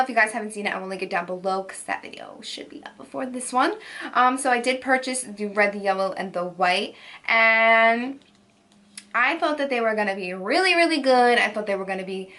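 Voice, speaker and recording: A woman's voice: a little high, fairly quick, a bit bright, dry recording. A young woman with a cold and a nasal voice, chatting through a makeup tutorial voiceover with gushing, casual talk full of fillers. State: has a cold. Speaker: beauty vlogger.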